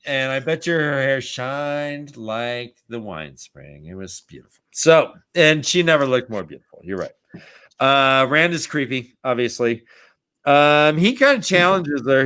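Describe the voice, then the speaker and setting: A man's voice: mid-range voice, expressive, measured pace, a bit bright, smooth. A man hosting a casual book podcast, playful and rambling as he recaps chapters. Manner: playful and rambling, acts out characters. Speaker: podcast host.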